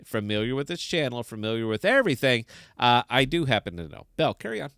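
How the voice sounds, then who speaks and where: A man hosting a live crypto stream, ranting excitably and swearing often. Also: medium pitch, fairly quick, clear, resonant tone, dry recording, studio quality. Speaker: livestream crypto host. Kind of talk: live-stream chat and rant.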